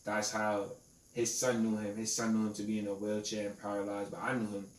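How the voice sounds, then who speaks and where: A man's voice: lowish voice, monotone, fairly quick. A man in his twenties hosting a podcast, telling stories casually in street slang and often asking if you feel him. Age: 20s. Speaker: podcast host. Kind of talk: casual storytelling chat. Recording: roomy echo, distant mic, faint noise.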